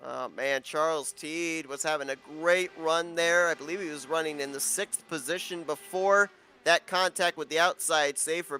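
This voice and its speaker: A male play-by-play race commentator with a bright, forceful voice pitched a little high. He talks in a relaxed, chatty way, often pausing on fillers. A faint hiss of noise sits under his voice. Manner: conversational, with frequent fillers. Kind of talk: live racing commentary.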